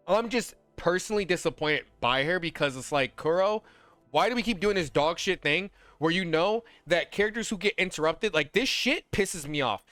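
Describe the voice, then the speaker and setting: A man with a fairly high voice rants about games in loose, slang-heavy talk, fired up and swearing freely. His voice sounds dry and close, with no room echo. Quiet music plays faintly underneath. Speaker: gaming content creator. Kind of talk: casual ranting commentary.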